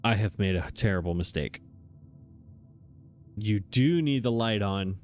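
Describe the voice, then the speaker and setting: A man's voice: on the low side, expressive, a little slow, faint music behind. A man hosting a let's play, talking casually into his desk microphone as he thinks aloud, hesitating and chuckling at himself. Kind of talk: casual gameplay commentary.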